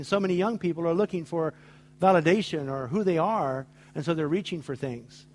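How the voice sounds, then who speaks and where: Here a fast-talking man with a fairly high pitch delivers a sermon. He's a middle-aged American pastor, emphatically telling stories and performing the characters' lines.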